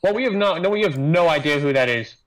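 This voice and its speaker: A young man in casual gaming chat, talking in a slow, mock-serious deadpan. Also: fairly high pitch, rough recording. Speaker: tour guide friend.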